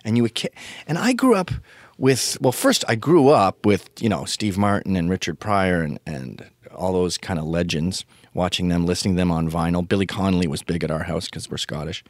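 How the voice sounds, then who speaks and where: A man's voice: sits low, expressive, brisk, no echo. A man in his fifties ranting in a casual comedy monologue, profane and opinionated. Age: 50s.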